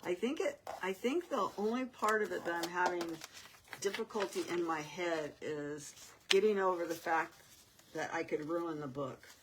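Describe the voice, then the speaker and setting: An older woman hosting a crafting video, chatting casually and rambling as she works, with soft laughs. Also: fairly low pitch, normal speed, background noise. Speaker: crafting channel host.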